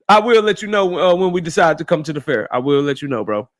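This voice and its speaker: A man's voice: a little high, very animated, a little fast. A man hosting a live stream, casually greeting chat viewers one by one in slang. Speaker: livestream host.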